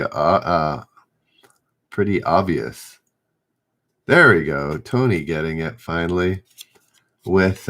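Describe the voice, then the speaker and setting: A middle-aged man runs a live trivia stream, reading each question out and then going back over it when he trips on the wording. His voice sits a little low, and he speaks in an unhurried, drawn-out way while he calls out viewers' answers. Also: fairly bright tone. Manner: reads questions aloud, stumbles and rereads, chats with viewers. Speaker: trivia host.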